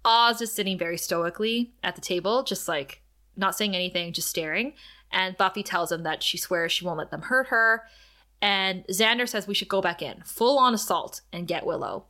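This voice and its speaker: Woman podcast co-host, bright voice, chatty episode recap, laughs a lot. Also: medium pitch, normal speed. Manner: animated, laughs often, acts out quotes. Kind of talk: casual recap chat.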